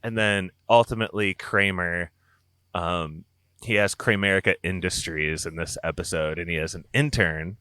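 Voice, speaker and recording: A man hosting a podcast in casual chat, giggly and animated as he talks. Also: sits low, moderate pace, smooth, no room sound. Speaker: podcast host.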